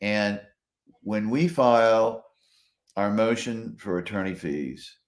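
A man's voice: fairly low pitch, takes it slowly. A man, a trial attorney, telling stories in a conversational interview, acting out what others said and laughing often. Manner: animated storyteller, acts out quotes, laughs often. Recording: roomy echo.

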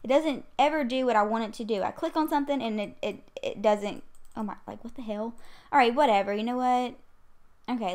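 A woman chatting through a life-sim game in a loose, running commentary, her voice sitting a little high. She rambles and grumbles at the game, easily annoyed and quick to swear. The sound is a close home desk mic. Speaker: gaming video creator. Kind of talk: casual gameplay commentary. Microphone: USB condenser desk mic.

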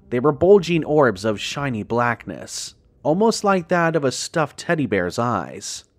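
Low-voiced man narrating horror. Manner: measured, dramatic reading that slows on grim details. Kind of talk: scripted first-person horror narration.

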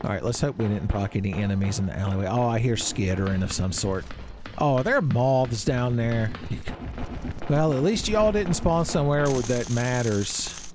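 A man's voice: medium pitch, lively intonation, moderate pace, noisy background. A man doing joking, rambling gameplay commentary, calling listeners son. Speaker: let's play host. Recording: game music behind voice.

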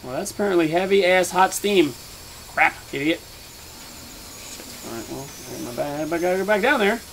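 Male gamer, horror commentary; fairly high, very animated delivery, curses, rambles, yelps when spooked. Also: moderate pace, a little hiss or hum. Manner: jumpy, swears a lot, yells when startled; rambling confused muttering. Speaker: let's play gamer.

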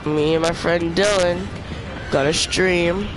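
Excitable young man yelling over gameplay. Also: a little high, slow pace, music in the background. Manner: excitable, trash-talking slang, yells at the game. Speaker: streamer. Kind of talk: casual gaming commentary. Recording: noisy game sound underneath.

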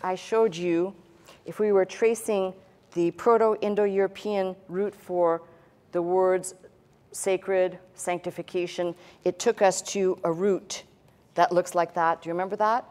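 A woman pastor delivers a teaching sermon in a lowish voice. She talks conversationally, slipping in dry, humorous asides, and demonstrates her points with a pen on a tablet. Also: steady tone, measured pace, a little mellow.

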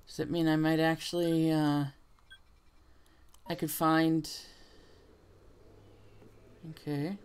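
A man's voice: a little high, little pitch movement, slow, pauses often, smooth. A man hosting a casual let's play, chatting about the game in a self-deprecating way. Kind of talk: casual gameplay commentary.

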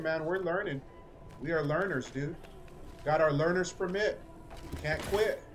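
A man doing casual, excitable gameplay commentary as a streamer, chatty and cursing at enemies. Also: fairly high pitch, measured pace, long pauses, background noise. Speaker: gaming streamer.

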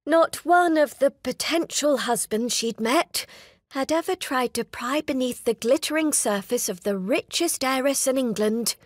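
Wry high-voiced woman audiobook narrator. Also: no room sound, clean studio sound. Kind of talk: scripted narration.

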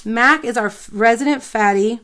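A woman's voice: fairly high pitch, moderate pace, a bit bright. A woman hosting a live craft stream, chatting to viewers and telling a rambling story while she works.

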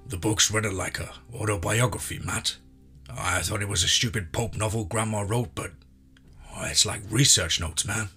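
A man's voice: on the low side, moderate pace, sharp tone, soft background music. A man voicing a frightened younger brother who speaks earnestly and pleadingly.

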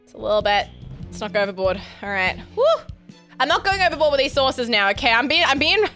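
A young woman streaming a game while eating hot sauces, excitable, often squealing and laughing. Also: fairly high pitch, quick pace, soft background music. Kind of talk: gaming hot sauce challenge.

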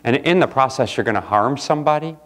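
A pastor preaching a sermon in a church, jumping from loud outbursts to quiet asides. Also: male voice, medium pitch, animated, quick pace. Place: church sanctuary.

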